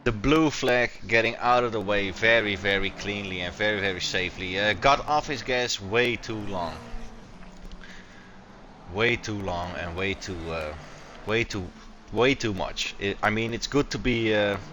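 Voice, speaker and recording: A man who is not a native English speaker, giving loose, excitable live commentary on a sim race and stumbling over his words, with a faint racing sound behind him. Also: lowish voice, a little slow, a little hiss or hum.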